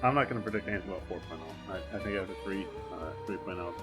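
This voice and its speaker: A young man guest on a casual podcast, speaking hesitantly and trailing off quietly. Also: deep voice, racing, over loud music.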